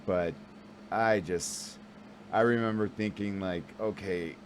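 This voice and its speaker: A man's voice: low-pitched, fairly even intonation, takes it slowly, slight background noise, rough recording. A man in his forties telling a rambling, self-deprecating story to camera, full of fillers and restarts. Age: 40s. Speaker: vlogger and new actor.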